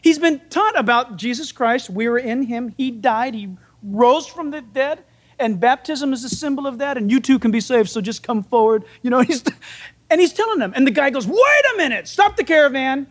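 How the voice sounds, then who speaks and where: A man's voice: extremely high pitch, normal speed. A man preaching a sermon in a conversational, folksy way, acting out the voices in the stories he tells. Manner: animated, acts out biblical dialogue. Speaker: pastor.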